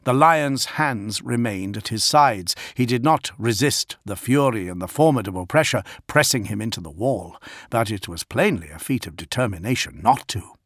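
A man narrating an audiobook in an even, unhurried reading. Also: lowish voice, no room sound, studio quality. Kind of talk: scripted narration.

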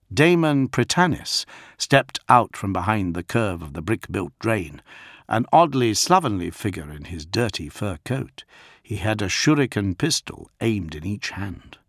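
A man reads an audiobook in a steady, even storytelling voice that sits on the low side. The recording is dry and close, with no room sound. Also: no echo. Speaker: audiobook narrator. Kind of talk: scripted narration.

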